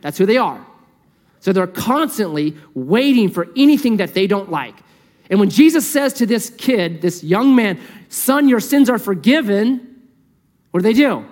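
A man preaching a sermon in a conversational, lively way, asking the listeners rhetorical questions. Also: high-pitched, moderate pace, long reverb tail. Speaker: pastor.

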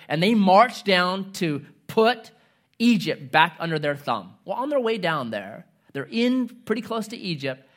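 A man preaching a sermon, telling a story in a conversational, animated way with humorous asides. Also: high-pitched. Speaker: pastor.

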